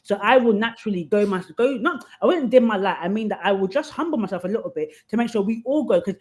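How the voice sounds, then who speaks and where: Fast-talking woman guest, candid and animated. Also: medium pitch. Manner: animated storyteller acting out quoted voices. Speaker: podcast guest. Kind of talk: candid conversational advice.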